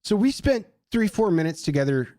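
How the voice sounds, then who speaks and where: A man on a podcast telling a story in casual chat, animated, swearing a lot and acting out what people said. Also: sits high, a little fast, no echo, clean studio sound. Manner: animated, heavy swearing, acts out quotes. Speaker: podcast co-host.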